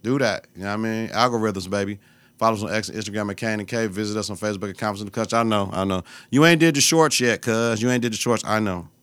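A young adult man hosting his own podcast, talking in a loose, profane, animated way and breaking into laughter as he tells stories. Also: on the low side, fast, dry recording. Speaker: podcast host. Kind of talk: casual solo podcast rant.

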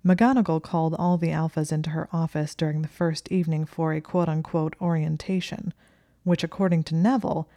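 A woman narrating a story aloud in a steady, even way. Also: sits low, fairly quick, dry recording, studio quality. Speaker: audiobook narrator. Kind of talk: reading fan fiction aloud.

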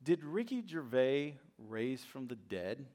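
A middle-aged man gives a sermon in an animated preaching voice. He talks at an even mid pitch, climbs into loud, pressing questions, then drops to soft asides. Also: slow. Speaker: pastor.

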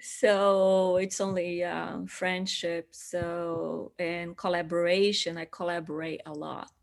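A woman's voice: lowish voice, level tone, slow, creaky. A middle-aged woman from Brazil, chatting as an interview guest, laughing often and restarting her phrases. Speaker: guest artist. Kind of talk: casual interview chat.

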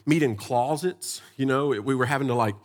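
A man's voice: mid-range voice, normal speed. A man, a pastor, telling a church story in a loose, conversational sermon style. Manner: conversational, animated storytelling with restarts.

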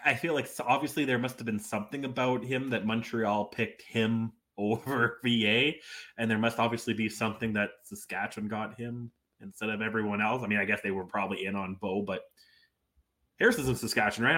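A man's voice: on the low side, brisk, sharp tone. A man co-hosting a casual sports podcast, rambling and self-deprecating, full of "like" fillers. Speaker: podcast co-host. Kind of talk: casual sports roundtable chat.

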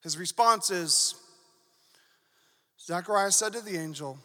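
High-voiced animated preacher in a hall. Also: male voice, unhurried. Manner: animated, playful storytelling. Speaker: pastor. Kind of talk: sermon. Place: church hall. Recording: echoey hall with long reverb.

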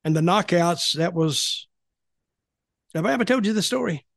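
A man's voice: high voice, animated, normal speed, vocal fry, a bit bright. An older man telling blunt, rambling stories in casual podcast chat, often repeating himself. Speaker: podcast guest, former wrestling executive.

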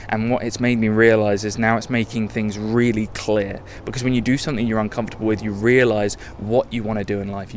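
A man's voice: on the low side, a little hiss or hum. A young man hosting a podcast, talking candidly in a rambling, self-correcting monologue. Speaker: podcast host. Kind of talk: casual travel podcast monologue.

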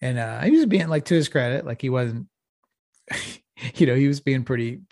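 His voice is medium-pitched, animated and a little mellow, at normal speed, as this middle-aged Texan podcast co-host rambles through a profane story. The chat is casual and laid-back, with lots of laughing. Studio quality, no echo.

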